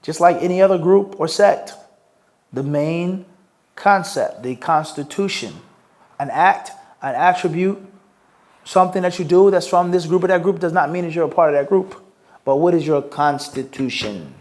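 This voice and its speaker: High-voiced man lecturing rhetorically. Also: normal speed. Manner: rhetorical, quizzes listeners with "what?"; mixes Arabic phrases into English. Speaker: Islamic teacher. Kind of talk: live Q&A lecture.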